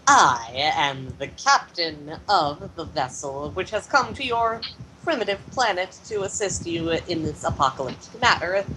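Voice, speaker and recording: Pompous alien starship captain, as a player puts him on, condescending, bright voice, tabletop role-play. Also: medium pitch, animated, measured pace, slight background noise, low-quality recording. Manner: grandiose, condescending.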